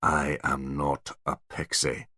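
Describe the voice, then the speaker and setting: A man's voice: rumbling low, moderate pace, sharp tone, no echo, studio quality. A man voicing a big, terse male bodyguard who speaks in short, grumbling lines. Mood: gruff wary.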